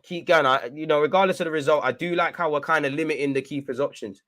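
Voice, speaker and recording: A young man commentates live on a football match as a fan, his voice sitting a little high. He is excitable and shouts at the referee and players, urging his side on. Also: quick pace. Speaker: football watchalong host.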